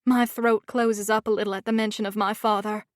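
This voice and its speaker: A woman's voice: medium pitch, flat delivery, brisk, no room sound, clean studio sound. A woman narrating a romance audiobook in the first person, with a wry, sardonic manner.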